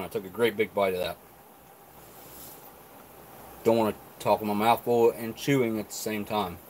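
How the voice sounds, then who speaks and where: A man's voice: on the low side, moderate pace, long pauses, a little hiss or hum. A man casually reviewing rations on a live stream, thinking aloud between bites. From not Canadian. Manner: relaxed, thinking aloud while eating and chewing. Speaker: food reviewer.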